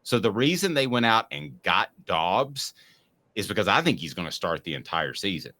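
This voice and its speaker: A man's voice: lowish voice, very animated, normal speed, sharp tone. A man hosting a casual sports talk show, upbeat and steering the chat with questions to his co-host.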